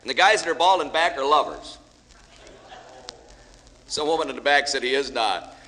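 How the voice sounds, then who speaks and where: A man's voice: mid-range voice, expressive, normal speed, sharp tone. A man giving a humorous speech to an audience, telling folksy jokes and stories as a guest speaker. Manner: folksy storyteller, joking with audience. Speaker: after-dinner speaker. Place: large banquet hall with audience. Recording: echoey hall, faint hiss.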